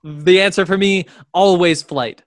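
Recorded at studio quality with no echo, this twenty-something sports podcast co-host has a high-sitting voice and a moderate pace. He's a rambling storyteller, filling his casual chat with plenty of fillers.

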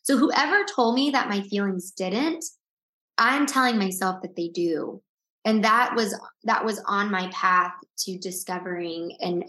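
A woman's voice: mid-range voice, a bit bright. Earnest woman telling her story, roomy sound. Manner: earnest, tearful at times, frequent restarts. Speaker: interview guest. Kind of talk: emotional personal storytelling.

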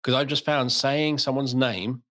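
बातूनी ब्रिटिश पुरुष पॉडकास्ट होस्ट. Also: male voice, mid-range voice, measured pace. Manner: animated storytelling, acts out voices. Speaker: podcast host. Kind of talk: casual chat.

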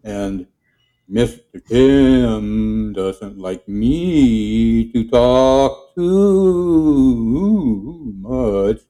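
A man voicing a well-loved character who talks extremely slowly, drawing out every word. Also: mid-range voice, dark tone, voice pushed up. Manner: extremely slow, drawn-out speech.

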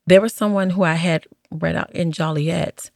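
A woman, a former hospice nurse, telling stories from her work in a casual interview, acting out what people said with lively jumps in her voice. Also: moderate pace, gravelly, no room sound, clean studio sound. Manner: animated, acts out quoted dialogue with big pitch jumps.

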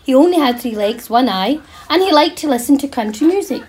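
Bright and shrill, this is a gleeful storybook reader put on by a woman who belts out a silly children's tale in a bouncy sing-song. The voice sits very high, with a faint hiss of noise behind it. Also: animated, fairly quick. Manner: sing-song, exaggerated read-aloud delivery.

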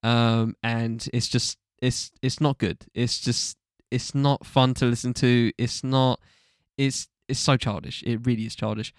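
Here a male co-host of a casual music podcast reviews music in a level, medium-pitched voice, going a little slowly. He's loose and unpolished, with fillers, restarts and casual swearing, heard in a clean, echo-free studio recording with a clean tone.

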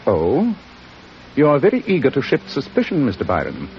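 An actor playing a shrewd, cool-headed detective in a vintage radio drama, speaking crisply with dry irony. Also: male voice, medium pitch, huge pitch swings, normal speed. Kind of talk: 1940s radio acting. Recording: muffled old radio broadcast with faint hiss.

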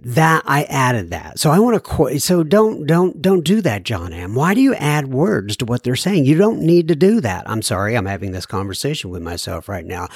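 A man's voice: fairly high pitch, dry recording, studio quality. A man hosting a podcast, reading listener letters aloud and adding rambling, jokey asides. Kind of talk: casual podcast chat.

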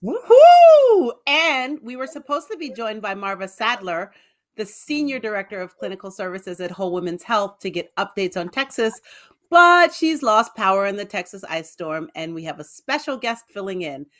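A woman co-hosting a comedic talk show, chatting in an animated, quizzical way and laughing often. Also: medium pitch, moderate pace. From New York. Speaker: co-host. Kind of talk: casual comedic chat.

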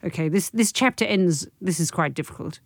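A woman's voice: lowish voice, a little fast, gravelly, no room sound. A woman hosting a podcast who chats in a self-deprecating way and reads aloud from her own novel. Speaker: host, author reading her novel. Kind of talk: podcast chat and reading aloud.

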